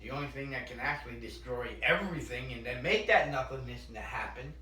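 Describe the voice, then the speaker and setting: Man, firm casual co-host, bright forceful voice, roomy distant sound. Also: medium pitch, fairly quick. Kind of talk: casual chat about faith. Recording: echoey room, mic at a distance, faint hiss.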